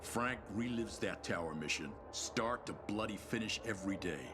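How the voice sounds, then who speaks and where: A weary game survivor, low-pitched. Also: male voice, moderate pace, pushed and bright, faint music behind. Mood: matter-of-fact.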